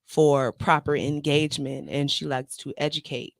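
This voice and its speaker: A woman's voice: sits low, normal speed, gravelly, no room sound. A middle-aged woman hosting an open mic show, chatting casually and animatedly with her viewers and her guest. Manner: animated, drawling, talks straight to viewers. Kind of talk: casual chat.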